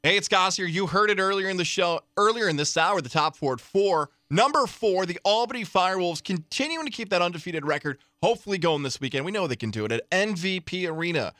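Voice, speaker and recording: A man's voice: high voice, animated, quick pace, few pauses, bright, forceful tone, dry recording, clean studio sound. A man hosting a sports radio show, listing fantasy picks and reading an upbeat event promo. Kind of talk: sports talk and promo read.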